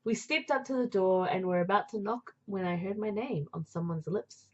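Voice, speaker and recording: A woman reading a visual novel aloud as narrator, with chatty, playful asides and a breathy voice. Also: medium pitch, normal speed, darkish tone, lo-fi sound. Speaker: game narrator and player.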